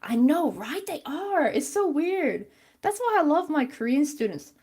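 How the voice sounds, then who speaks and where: A woman's voice: high-pitched, very animated, measured pace, a little mellow. A woman chatting casually and rambling with many fillers while she crochets on a stream.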